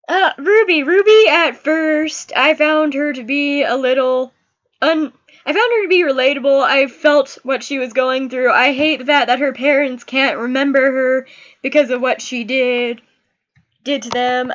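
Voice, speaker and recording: A woman's voice: sits high, a little slow, fairly bright tone, lo-fi sound. A young woman giving a casual, emotional book review, gushing about the characters she loved and hated.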